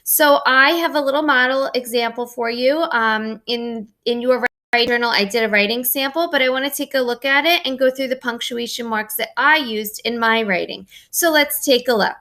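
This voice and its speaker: A middle-aged woman teacher talks her young pupils through a lesson in a clear, bright voice that sits a little high. She explains patiently, one step at a time, in the measured tone of a recorded classroom lesson. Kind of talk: recorded remote writing lesson.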